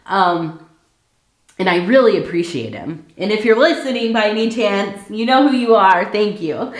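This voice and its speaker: A woman's voice: medium pitch, lively intonation, unhurried, echoey room. A woman doing a casual ASMR tea leaf reading, talking in a chatty way with many fillers and asides.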